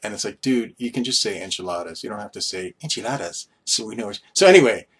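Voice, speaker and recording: A man's voice: lowish voice, quick pace, slightly rough. A man from Long Island with a local accent, rambling casually to the camera and telling stories with lots of asides. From Long Island, New York. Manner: meandering, storytelling with asides and restarts. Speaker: vlogger.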